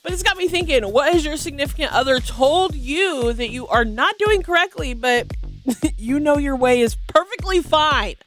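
Lively, giggly woman radio host. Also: sits high, moderate pace, faint music behind. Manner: giggly, chatty, playful. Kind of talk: casual morning radio chat. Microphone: studio mic.

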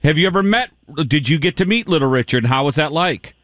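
A man's voice: a little high, animated, a little fast, fairly bright tone, dry recording, studio quality. A man hosting a radio interview, asking enthusiastic, fan-like questions. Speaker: radio host.

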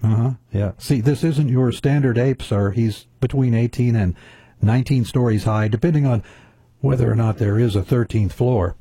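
A man's voice: medium pitch, normal speed, mellow, husky, no room sound, clean studio sound. A radio host voicing a nervous new night security guard phoning his boss, stammering and politely flustered.

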